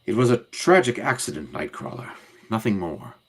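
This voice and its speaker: A man voicing a stern older male mentor who runs a school, read aloud with firm, measured authority. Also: lowish voice, very animated, slight background noise.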